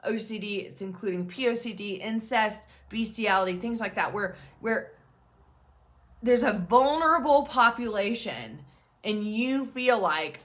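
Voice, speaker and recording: A woman's voice: medium pitch, animated, measured pace, a bit bright. A woman in her thirties, an OCD peer support advocate, talking straight to her viewers in an earnest, reassuring and emphatic way. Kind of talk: direct-to-camera talk.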